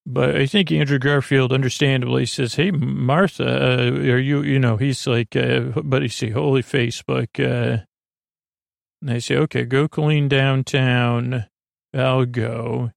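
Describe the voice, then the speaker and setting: A man's voice: medium pitch, steady tone, measured pace, gravelly, dry recording, clean studio sound. A man hosting a sleep podcast, loosely retelling a TV episode in a meandering way with lots of filler words. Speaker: podcast host.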